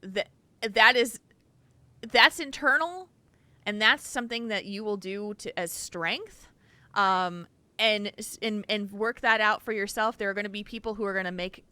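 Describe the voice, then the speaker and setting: A woman's voice: mid-range voice, measured pace, sharp tone, clean tone, no echo. A woman co-hosting a podcast, giving earnest, chatty advice in a casual way. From Wisconsin, US. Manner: earnest, advice-giving, with frequent you-knows. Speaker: podcast co-host.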